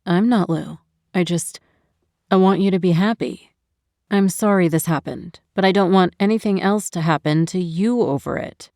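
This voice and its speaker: A woman voicing a gentle, caring man in an audiobook, speaking softly and reassuringly. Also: fairly low pitch, moderate pace, dry recording, clean studio sound, lightly acted. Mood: gentle, concerned. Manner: soft, reassuring. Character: gentle, caring grown man, a devoted partner. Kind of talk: audiobook narration.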